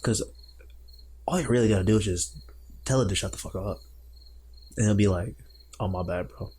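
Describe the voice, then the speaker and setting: A young man co-hosting a podcast in casual chat, laid-back, dropping dry jokes and deadpan quotes of imagined characters. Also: fairly low pitch, a little fast, breathy edge. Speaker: podcast co-host.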